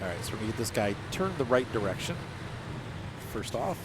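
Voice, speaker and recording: Brief: gaming host, stuffy nose, rambling and self-mocking, lively pitch, clear game noise underneath. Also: male voice, a little fast. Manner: rambling, joking, self-deprecating. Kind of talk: casual let's-play commentary. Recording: game engine and vehicle noise behind.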